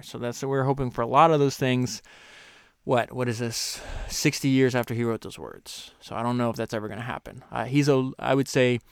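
A man talks through a book in a relaxed, conversational way, stumbling and restarting as he goes. When he reads quoted passages he slows down and leans into them. His voice sits at an ordinary middle pitch and sounds close and dry, with no room around it. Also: vocal fry, clear, resonant tone, no echo. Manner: reads quotes slower and louder, chats loosely with fillers and restarts. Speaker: podcast host. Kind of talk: casual book commentary with read-aloud passages.

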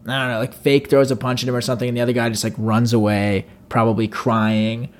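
A man's voice: medium pitch, fast talker. A man co-hosting a podcast, telling a long anecdote in a casual, rambling way and acting out the people in it. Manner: rambling, animated, acts out voices with yelling. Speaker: podcast co-host. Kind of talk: casual storytelling chat.

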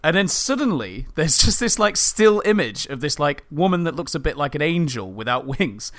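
Co-host, higher voice, bouncy, laughs through stories, dry sound. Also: male voice, very animated, normal speed, a bit bright, no echo. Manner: giggly, anecdotal. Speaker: podcast co-host. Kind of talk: casual chat about a video game.

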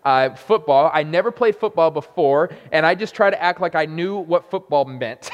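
Young guy pastor preaching, kinda high voice, jokey stories, big echoey hall. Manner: animated, self-deprecating storytelling with quick asides. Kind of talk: sermon. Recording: long hall reverb.

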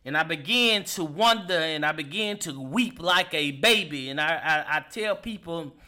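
Man, forties, podcast host, personal testimony, emotional, halting, higher voice. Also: expressive, sharp tone. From Kentucky. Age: 40s. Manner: emotional, halting with many repeated words.

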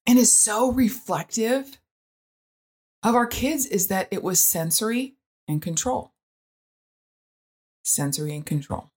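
A woman sharing a parenting story in a casual monologue, chatty and animated, full of fillers and asides. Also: mid-range voice. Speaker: parent sharing experience with autism.

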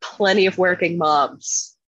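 A woman from Philadelphia telling a profane, animated story in casual podcast chat, laughing often. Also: lowish voice, slow pace, dull audio. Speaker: podcast co-host.

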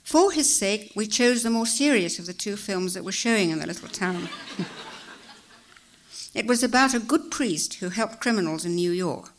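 A woman reading a story aloud as narrator, in a measured, expressive way. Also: medium pitch, a little hiss or hum.

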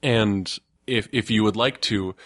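A man's voice: on the low side, unhurried, dry recording, clean studio sound. A man who designs tabletop games, talking casually and earnestly, with frequent fillers and restarts. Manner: earnest, lots of fillers and restarts, laughs often. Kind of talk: casual podcast chat.

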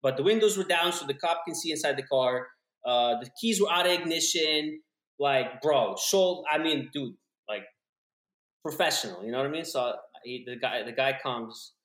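A man's voice: medium pitch, moderate pace, fairly bright tone. A young man casually telling a story on a podcast, swearing freely and calling everyone "bro" and "dude". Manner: profane, laid-back, peppers speech with "bro" and "dude". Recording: roomy echoey room.

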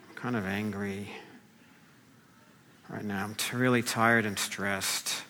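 A man's voice: lowish voice, fairly even intonation, slow, pauses often, pushed and bright, slight background noise. A man preaching an informal sermon as a pastor, talking loosely with many fillers and restarts. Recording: long hall reverb.

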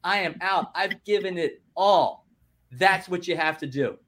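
A man with a fairly high voice talks as a guest business coach, pushing his points with rising energy. He is emphatic and rallying and keeps stopping himself to say "listen." His talk moves between relaxed explanation and loud bursts of encouragement. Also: measured pace. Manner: emphatic, rallying, fond of "guess what" and "listen".

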